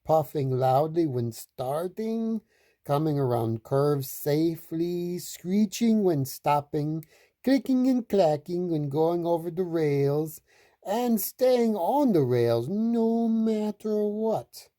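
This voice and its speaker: Slow, expressive storytime woman. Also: fairly low pitch. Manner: slow, expressive sing-song reading. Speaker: storytime reader. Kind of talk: reading children's picture books aloud.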